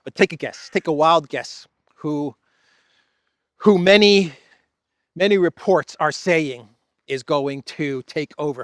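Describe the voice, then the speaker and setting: A Greek-raised show host gives casual solo commentary in a sardonic, drawn-out style, with laughing asides. His voice is a little high, and though he's outdoors among trees, the recording is dry and studio quality.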